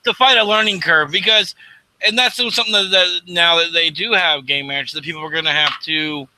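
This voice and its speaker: A man's voice: fairly high pitch, steady tone, a little fast, noisy background. A man co-hosting a casual radio talk show, blunt and swearing freely. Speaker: podcast co-host. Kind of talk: casual chat.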